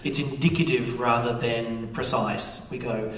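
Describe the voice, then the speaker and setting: A man's voice: mid-range voice, fairly even intonation, unhurried, fairly bright tone. A man hosting a panel on a theatre stage before a live audience, chatty and joking. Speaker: panel host. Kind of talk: onstage panel discussion. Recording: echoey theatre, distant mic.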